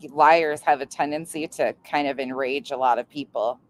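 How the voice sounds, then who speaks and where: A woman's voice: very deep voice, fairly even intonation, normal speed, slight background noise. A woman hosting reaction commentary, answering clips in a sarcastic, cutting way. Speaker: commentary host.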